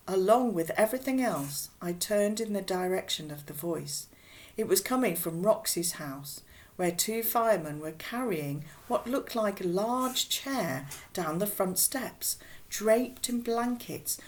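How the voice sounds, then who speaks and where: A woman reading a children's novel aloud with expressive, unhurried storybook narration. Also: medium pitch. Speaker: audiobook reader.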